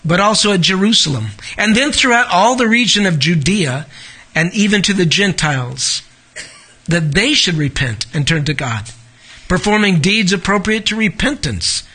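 A man's voice: high-pitched, expressive, moderate pace, bright, forceful tone, slightly rough. A man preaching a verse-by-verse sermon. He reads scripture aloud, stops to explain it, and puts rhetorical questions to his listeners. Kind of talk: expository sermon.

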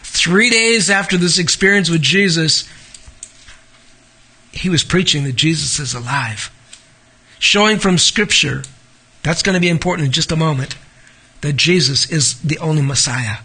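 A man's voice: fairly high pitch, moderate pace, pauses often, pushed and bright, breathy edge. A man preaching a verse-by-verse sermon. He reads scripture aloud, stops to explain it, and puts rhetorical questions to his listeners. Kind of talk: expository sermon.

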